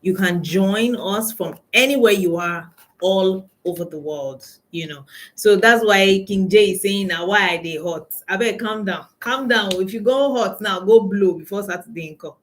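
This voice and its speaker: A woman's voice: medium pitch, normal speed, poor audio. A woman with a Nigerian accent, a coach hosting a casual live stream from her phone, greeting viewers by name and laughing often.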